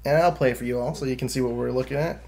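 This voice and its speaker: A man's voice: mid-range voice, steady tone, racing, vocal fry, background noise. A man co-hosting a casual podcast chat, rambling loosely and laughing easily. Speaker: podcast co-host.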